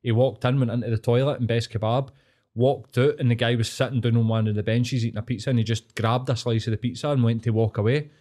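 A man with a Glaswegian Scottish accent, co-hosting a podcast, telling stories in a casual, sweary, animated way. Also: mid-range voice, fast. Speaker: podcast co-host. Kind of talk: casual chat.

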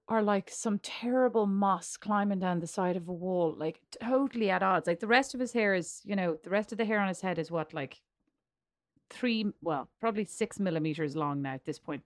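A woman's voice: mid-range voice, dry recording, studio quality. An Irish woman co-hosting a casual podcast with her sister. She is easily amused and laughs often. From Ireland. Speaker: podcast co-host.

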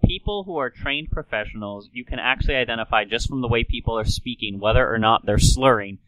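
A podcast host runs a casual talk show, explaining things in a playful, lecturing manner and slipping into an old-timey announcer voice. He speaks briskly in a mid-range, fairly bright voice, and the recording is dry and rough.

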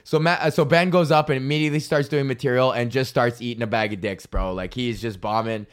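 A male comedian hosting his own podcast, riffing through road stories in a loose, animated rant. He swears constantly, restarts sentences and talks at a mid-range pitch. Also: quick pace, clear, resonant tone. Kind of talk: profane comedic storytelling rant.

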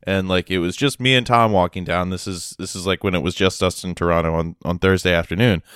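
A man's voice: sits low, fairly even intonation, brisk, fairly bright tone, clear, resonant tone, no room sound, clean studio sound. A man telling rambling, sarcastic stories in a casual chat with a friend. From Massachusetts.

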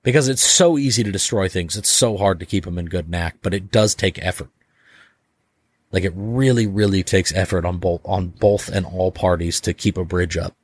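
A man speaking as a podcast guest in a slightly low voice, rambling through loose casual talk full of "like" and offhand swearing. He slips into little acted-out exchanges as he goes. The recording is dry and close, with no room sound. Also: normal speed, breathy edge, dry recording. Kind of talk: casual conversation.

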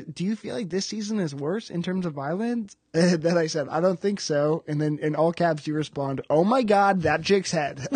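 A man's voice: on the high side, darkish tone, no echo. A man co-hosting a podcast, playful and teasing as he reads out texts in a casual chat. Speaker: podcast co-host.

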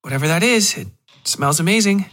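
A man's voice: high-pitched, expressive, fairly quick, fairly bright tone, pitched above the performer's own voice. Ash, a man reading an eager young woman writer.

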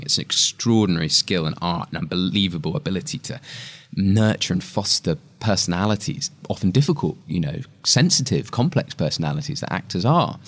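An English actor with a somewhat low voice tells animated stories in a relaxed interview. He speaks with an English accent and laughs often as he goes. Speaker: actor, guest. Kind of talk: casual interview chat.

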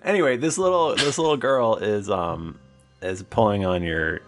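A man narrating as game master, halting often on ums and laughing along. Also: lowish voice.

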